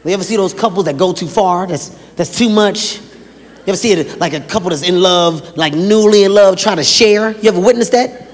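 Brash high-voiced stand-up man. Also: a little fast. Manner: brash, profane, acts out scenes. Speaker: stand-up comedian. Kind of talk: stand-up comedy. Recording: reverberant venue with crowd.

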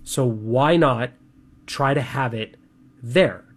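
A man's voice: medium pitch, takes it slowly. A young man co-hosting a talk show, chatting casually and animatedly, with plenty of filler words. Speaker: radio show co-host.

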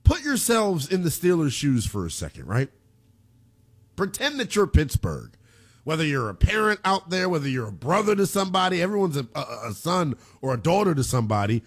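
A man holds forth as a sports talk host, his voice swinging up and down with a lot of energy. He talks straight to the listener and keeps asking "right?" as he makes his case. The pitch sits a little above average for a man. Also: brisk. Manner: animated, conversational, lots of "right?". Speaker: sports commentator. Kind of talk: casual sports talk monologue. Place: home studio.

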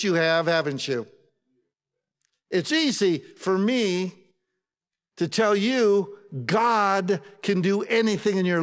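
A man preaching a sermon in a conversational way, putting questions to his congregation. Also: sits high. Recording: long reverb of a large hall.

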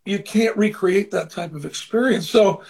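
As a guest in a casual interview, a former baseball manager earnestly shares a personal story, at times performing the voices of people in it. His voice sits high with a darkish tone, and his pace is moderate.

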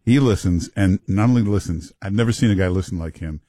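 Low-voiced man, dry close sound. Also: a little fast, warm tone, no room sound. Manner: emphatic, repetitive restarts. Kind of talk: casual conversation.

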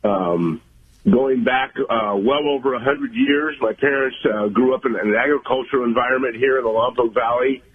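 An older man from the California Central Coast, a guest on a radio interview, talking in a halting, folksy way with many fillers. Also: mid-range voice. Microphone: phone. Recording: tinny phone line.

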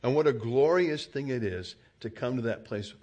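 A man preaching a sermon, telling an everyday story in a conversational way and rising to loud, emphatic exclamations. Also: medium pitch, expressive, normal speed.

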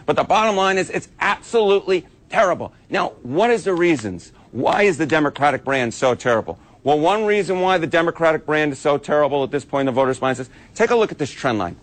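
A male analyst walks through poll data for television with an emphatic manner, repeating key words for effect. His voice sits a little high and swings with animation. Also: expressive, fast talker, hardly any pauses, no room sound. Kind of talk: TV news analysis.

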